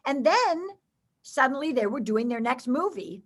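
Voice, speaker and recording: A woman recounts faith stories as an interview guest. Her voice sits high and moves through a wide, lively range. She brings each quoted line to life as she tells it. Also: normal speed. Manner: expressive, acts out quoted voices. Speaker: guest storyteller. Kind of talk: animated faith storytelling.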